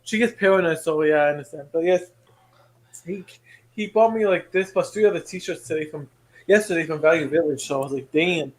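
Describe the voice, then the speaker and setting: A man with a high voice rambles through casual stories. He restarts his sentences often. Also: fairly quick. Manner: rambling, stumbling storyteller. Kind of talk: casual chat.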